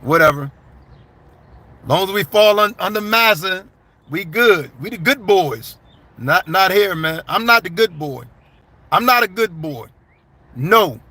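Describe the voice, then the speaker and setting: A man hosts a casual live stream and answers his viewers' comments in a blunt, conversational way. His voice sits high and sounds bright and forward. The recording is close and dry, with almost no room sound. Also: animated, unhurried, pauses often, no echo. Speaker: livestream commentator.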